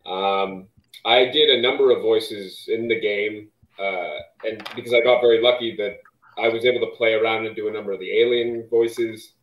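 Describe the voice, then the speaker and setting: A male voice actor guest answering in a relaxed, thoughtful way on a video call. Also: fairly low pitch, normal speed. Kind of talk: casual interview answer. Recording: roomy echo.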